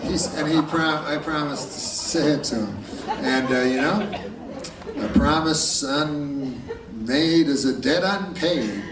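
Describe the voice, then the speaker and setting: Deadpan, halting male stand-up comic. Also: a little high, noisy background. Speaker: stand-up comedian. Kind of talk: stand-up set. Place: live comedy stage. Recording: echoey live room, distant mic, loud crowd.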